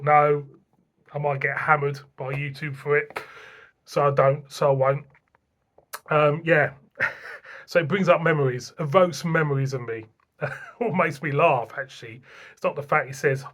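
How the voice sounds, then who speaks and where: A man's voice: a little high, a bit bright. A middle-aged man from England reviewing beer in a chatty, rambling vlog, often chuckling to himself.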